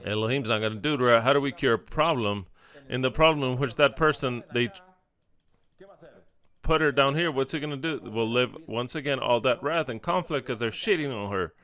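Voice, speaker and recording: Speaking at normal speed in a medium-pitched, fairly bright voice, this man delivers a casual, conversational sermon. He often performs what people say, repeating the quoted lines.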